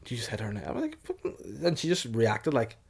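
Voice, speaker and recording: A man's voice: on the low side, animated, racing, gravelly, darkish tone, slightly rough. Crude, laughing man. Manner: crude storytelling, laughs often. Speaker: podcast co-host. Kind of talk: casual comedic chat.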